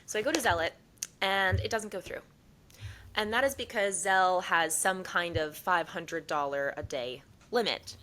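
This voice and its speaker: A young woman co-hosts a podcast in casual chat, with a bright, forceful voice sitting a little low. She tells a long story animatedly, slipping into the voices of the people she quotes. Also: normal speed, slight background noise, rough recording. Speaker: podcast co-host.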